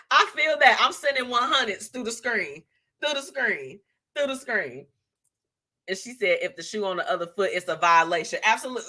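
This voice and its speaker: Reacting to what viewers write, this female live-show host swings her pitch from high to low, chatting easily with frequent laughter and slang-filled asides. She is highly animated yet a little slow, leaving long pauses, and her tone is bright and forceful.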